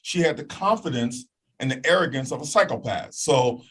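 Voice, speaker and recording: A man with a slightly husky voice tells a story as a guest. His pitch rises and falls a lot as he acts out the moments. He keeps asking "okay?" to pull the listener along. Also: moderate pace, low-quality recording. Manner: lively, acts out voices and sounds, checks in with "okay?". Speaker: guest telling a personal testimony. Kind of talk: animated storytelling.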